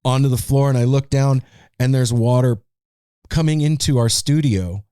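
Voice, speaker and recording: A man's voice: medium pitch, moderate pace, mellow, clear, resonant tone, dry recording, clean studio sound. A man co-hosting a podcast, animatedly retelling a story in casual chat and swearing freely. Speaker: podcast co-host. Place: home podcast studio.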